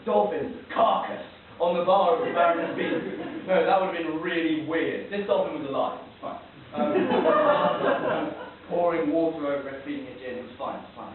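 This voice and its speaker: A man doing a rambling, self-mocking stand-up comedy set, now and then breaking into shouted rants. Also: fairly high pitch. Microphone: camera far from the stage. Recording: distant, tinny, hissy, roomy amateur recording.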